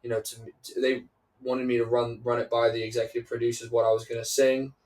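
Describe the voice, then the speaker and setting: A man's voice: mid-range voice, level tone, fast talker, a little mellow, recorded from a distance, rough recording. A young man from England, chatting as a guest in an interview, rambling and restarting his sentences, swearing casually. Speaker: guest singer.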